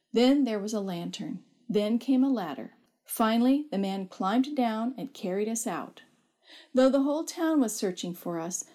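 A woman reads a first-person story aloud at a middle pitch. Her delivery is measured and expressive, the calm pace of scripted narration. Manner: measured, expressive reading that lifts her voice for shouted quotes.

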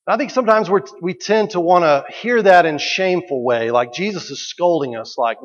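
A pastor with a high-pitched voice preaches conversationally, a little fast and with hardly any pauses, asking his listeners questions and repeating key phrases. The recording sounds dull, with long hall reverb.

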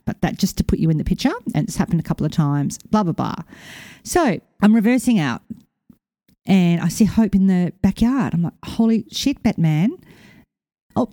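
Aussie woman podcasting, chatty storyteller, lowish mellow voice, dry close mic. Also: no room sound. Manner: chatty, animated storytelling with playful voiced quotes. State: recovering from concussion. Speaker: podcast host. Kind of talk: casual storytelling monologue.

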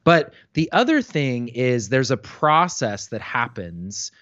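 A man co-hosting a podcast, calmly explaining planning matters in a casual tone. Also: medium pitch, slow, no echo, highs cut off. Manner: calm, explains plainly. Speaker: podcast co-host, planning advisor.

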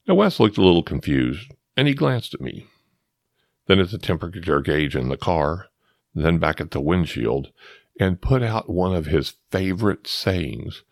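A man's voice: low voice, big pitch swings, normal speed, no room sound, clean studio sound. A middle-aged man hosting a storytelling podcast, rambling through digressions and addressing listeners as folks. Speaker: podcast host.

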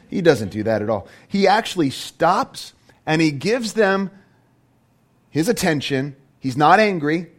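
A man preaching a sermon as a pastor, animated and full of rhetorical questions. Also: a little high, a little slow.

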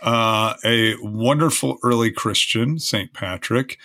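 Bright, crisp-voiced man on a dry mic. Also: on the low side, slow, no room sound. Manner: teasing, chatty, talks through sports trivia. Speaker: podcast co-host. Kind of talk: casual podcast chat.

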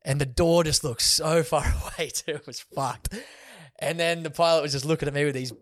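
A man's voice: on the high side, steady tone, normal speed, dry recording, studio quality. Laid-back man telling stories. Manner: laid-back, swears often, laughs through stories. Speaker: guest. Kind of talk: casual storytelling in a podcast chat.

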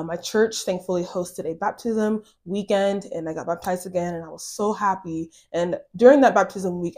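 Earnest woman sharing her faith story. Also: lowish voice. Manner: casual, earnest, many fillers like "like". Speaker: podcast host. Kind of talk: personal faith testimony.

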